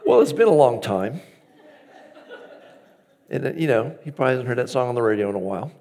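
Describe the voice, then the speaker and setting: A man's voice: medium pitch, lively intonation, a little fast, gravelly, pauses often, a little mellow. A man preaching a conversational, storytelling sermon as pastor, acting out his own inner dialogue.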